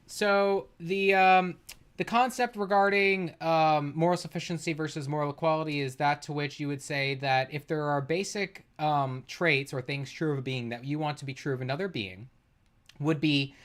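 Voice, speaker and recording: A streamer reacting to a debate clip on a livestream, ranting with profanity, exasperation and loud sarcastic outbursts. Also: medium pitch, steady tone, normal speed.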